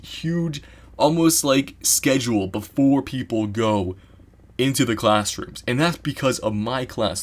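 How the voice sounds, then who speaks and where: A man telling a story in a casual vlog, rambling and excitable, packing his talk with "you know" asides. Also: mid-range voice.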